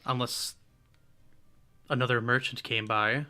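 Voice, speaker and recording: A careworn village farmer, voiced by a man, speaks in a bright, forceful tone. He talks slowly and pleads with worry, unsure why the burden falls on him. It is a character in a tabletop role-play session. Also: medium pitch, fairly even intonation, soft background music. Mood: despairing. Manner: pleading, worried questioning.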